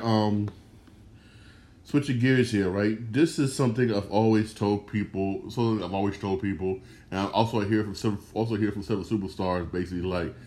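A man's voice: low-pitched, darkish tone. A man hosting a solo sports talk show, speaking casually with slang and repeating his points for emphasis. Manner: repetitive, emphatic, slangy, restarts phrases. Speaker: sports podcast host.

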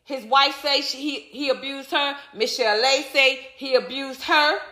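A woman's voice: high-pitched, a little slow, bright, forceful tone, reverberant. A woman commentator ranting bluntly on a livestream, repeating her points and swearing as she reacts to viewer comments. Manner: emphatic, repetitive, blunt, swears. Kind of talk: heated casual opinion rant.

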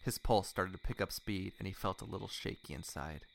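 A man reading a romance story aloud in a hushed, mock-earnest way. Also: sits low, fairly quick, creaky. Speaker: reader of a fan story.

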